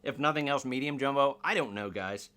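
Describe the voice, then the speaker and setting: Bright-voiced rambling guitar vlogger man. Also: mid-range voice, a little fast, clear, resonant tone. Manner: rambling, self-deprecating, jokey. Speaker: guitar reviewer. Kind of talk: casual unboxing review.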